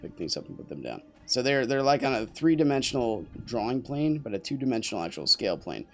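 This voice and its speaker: A young man's gravelly, medium-pitched voice comes fast and very animated over faint background music. He's playing on stream, rambling and joking casually with his viewers and teammates.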